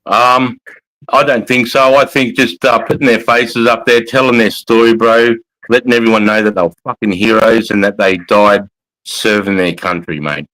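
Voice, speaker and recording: Middle-aged Australian male streamer, very low voice, crude and matey, casual banter. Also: steady tone, normal speed, fairly bright tone, low-quality recording. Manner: blunt, heavy swearing, matey. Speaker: livestream host, army veteran. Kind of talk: casual livestream chat, reading comments.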